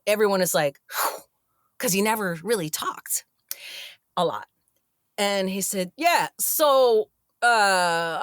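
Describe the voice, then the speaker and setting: A woman actress as a guest in an interview, telling backstage stories in a lively way and acting out what people said. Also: medium pitch, no room sound. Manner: animated storyteller, acts out quotes with laughs. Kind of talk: interview storytelling.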